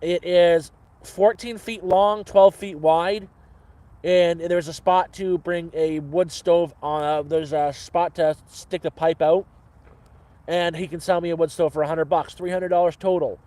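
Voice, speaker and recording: A man's voice: a little high, steady tone, measured pace, dark tone. A man hosting a live cooking stream from his camp, rambling cheerfully to viewers and swearing freely.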